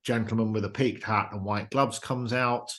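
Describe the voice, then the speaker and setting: A man's voice: on the low side, steady tone, normal speed, fairly bright tone. A man hosting a podcast, telling a travel story with enthusiasm in casual chat. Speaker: podcast host.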